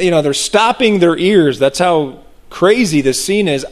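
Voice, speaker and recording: A man preaching a sermon, animated and expressive, acting out the voices of people in the story. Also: normal speed. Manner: animated, acts out voices of the crowd with big pitch jumps.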